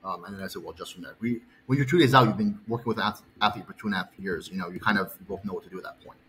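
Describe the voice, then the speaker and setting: A man's voice: low voice, rapid-fire, a bit bright, slight background noise, poor audio. Heated, foul-mouthed male coach ranting. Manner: heated, profane, rambling. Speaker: bodybuilding coach. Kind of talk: angry personal story vlog.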